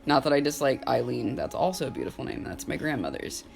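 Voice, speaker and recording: A young woman in her twenties speaks straight to camera in a personal vlog. Her talk is loose and unscripted, peppered with "like," and she is open about her feelings. Soft music plays faintly underneath. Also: rumbling low, big pitch swings, quick pace, creaky. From Southern United States. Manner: casual, candid, filler-heavy, with frequent "like"; openly emotional at times.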